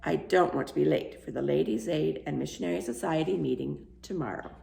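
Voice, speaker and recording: A woman voicing a practical, worried middle-aged housewife who talks in a sharp, fussy, scolding way, with a gravelly edge, in a storybook reading. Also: sits low, a little fast, a little hiss or hum. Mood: tired. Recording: roomy echo.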